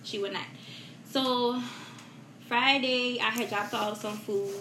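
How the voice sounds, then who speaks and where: A young woman as a guest, telling a personal loss in a soft, halting way with many fillers and repetitions, in a roomy, noisy recording. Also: on the high side. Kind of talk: emotional personal story in a podcast chat. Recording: roomy echo with steady background noise.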